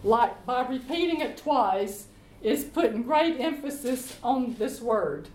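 A woman leading a Bible study, reading scripture aloud and explaining it in a slow, deliberate way. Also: a little high, animated, a little hiss or hum. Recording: echoey room.

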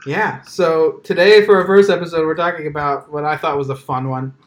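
A man hosting a loose, profane podcast chat, rambling through his stories with constant filler words. His voice sits a little higher than most men's. The room around him is echoey. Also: steady tone, brisk. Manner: profane, joking, rambling with many "like"s. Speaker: podcast host.

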